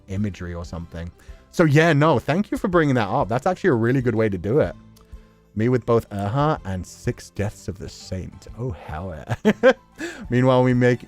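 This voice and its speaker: A man hosting a livestream, chatting loosely with viewers, full of fillers and frequent laughter. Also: medium pitch. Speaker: livestream host. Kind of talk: casual livestream chat reading viewer messages.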